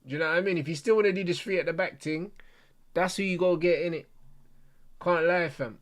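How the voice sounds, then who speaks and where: This is a young man on the high side, talking fast while hosting a football watch-along. Heated and swearing, he rants in casual slang, calling out to viewers and mates alike.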